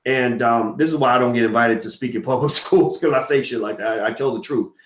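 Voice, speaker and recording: A man's voice: mid-range voice, a little fast, highs cut off. Blunt, heated man lecturing in a roomy sound. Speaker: commentator. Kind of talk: livestream monologue.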